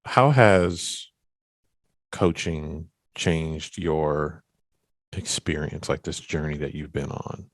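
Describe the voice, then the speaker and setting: An extremely low-voiced man hosts a casual podcast interview. His talk wanders, restarting phrases and leaning on filler words as he works toward his questions, and the sound is dry with no room echo. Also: slow pace, gravelly. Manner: rambling, full of restarts and "like". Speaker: podcast host.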